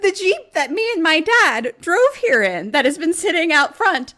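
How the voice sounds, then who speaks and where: Shrill, frantic horror-movie heroine, as a woman puts her on, bright and lively. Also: normal speed, slight background noise, heavily acted. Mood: exasperated. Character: panicked young woman in a horror film.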